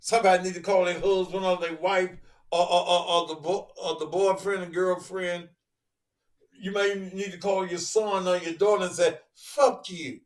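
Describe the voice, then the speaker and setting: Preacher guy, middle-aged, goes from slow and quiet to yelling cuss words, kinda high voice, sits back from the mic. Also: level tone, far from the mic. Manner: swings from slow quiet reflection to shouted profane outbursts. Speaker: preacher and online show host. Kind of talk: impassioned preaching monologue.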